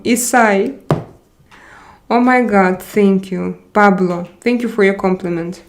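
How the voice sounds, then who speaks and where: Woman streamer, slow unhurried talk, hesitant, chatting with viewers. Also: medium pitch. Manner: hesitant, searching for words with many pauses. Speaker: livestream host. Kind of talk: casual livestream chat, reading comments aloud.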